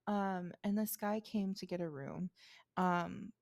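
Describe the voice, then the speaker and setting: A woman's voice: fairly low pitch, gravelly, darkish tone, no echo, studio quality. A young woman co-hosting a podcast in casual chat, laughing often, swearing freely and acting out customers. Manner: laughing, swearing, quick to act out customers in put-on voices. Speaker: podcast co-host.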